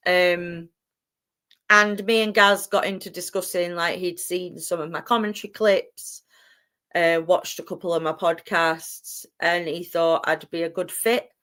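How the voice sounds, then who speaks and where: A young woman from England, an expressive and excitable wrestling announcer answering interview questions with frequent laughter. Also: on the low side, measured pace, smooth.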